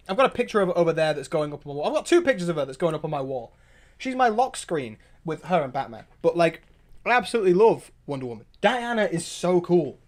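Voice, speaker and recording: Excitable higher-voiced male streamer. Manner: excitable, rambling, quick restarts and opinionated asides. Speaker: livestream host. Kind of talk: casual livestream chat, reacting to viewer comments.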